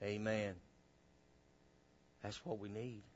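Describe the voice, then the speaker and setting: A man preaching a sermon, animated, acting out little dialogues, on a dull lo-fi recording. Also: fairly low pitch, slow pace, slight background noise. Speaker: pastor.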